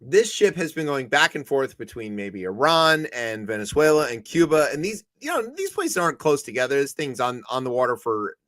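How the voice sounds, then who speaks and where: A man's voice: mid-range voice, sing-song, normal speed, few pauses, a bit bright, dry recording. A man co-hosting a comedic news chat show, talking casually and animatedly and acting out quoted voices for laughs. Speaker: co-host.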